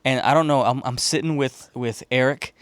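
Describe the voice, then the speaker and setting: A man's voice: mid-range voice, normal speed, no echo. Profane storytelling man, dry close sound. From Chicago. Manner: profane, rambling, animated retelling with quoted voices. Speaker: podcast host. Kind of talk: casual storytelling.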